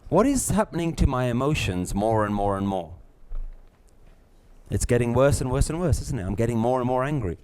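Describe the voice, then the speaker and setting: A middle-aged man, teaching a live class, lively, acting out little scenes and laughing often. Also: medium pitch, brisk. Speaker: spiritual teacher.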